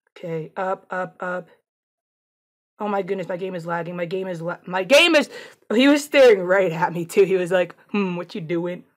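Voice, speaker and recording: A woman giving casual, excitable commentary over her own shooter gameplay, taunting opponents as she plays. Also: mid-range voice. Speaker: gameplay streamer.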